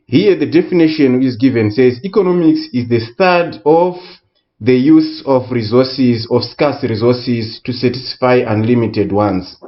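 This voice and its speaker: A man tutoring economics in a recorded lesson, speaking deliberately and repeating key words for emphasis. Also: mid-range voice, muffled recording. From Southern Africa.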